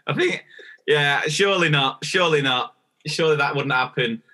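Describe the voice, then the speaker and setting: A man co-hosts a teachers' podcast in relaxed, rambling chat, full of fillers and restarts. His voice is bright and forward, pitched a little high for a man. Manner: rambling, chatty, lots of fillers and restarts, quick to laugh. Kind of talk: casual chat.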